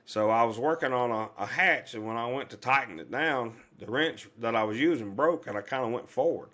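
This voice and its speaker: Man, middle-aged, medium pitch, earnest rambling storyteller, lots of fillers. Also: fairly quick, fairly bright tone. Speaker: podcast guest. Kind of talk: personal storytelling in an interview.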